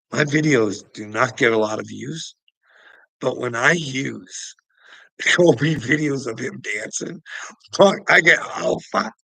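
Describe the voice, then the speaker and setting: A man's voice: medium pitch, gravelly, sharp tone, breathy edge, no room sound, rough recording. A man rambling on his channel, swearing a lot, laughing through his words and taunting people by name. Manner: laughs constantly while talking, profane and mocking. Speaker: channel host. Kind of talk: rambling livestream rant.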